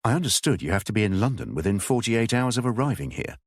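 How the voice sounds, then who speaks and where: A man's voice: on the low side, sing-song, fast talker, no room sound, clean studio sound. A man voicing a curt, wary English village schoolteacher woman who speaks in a clipped, firm way. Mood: firm, brisk.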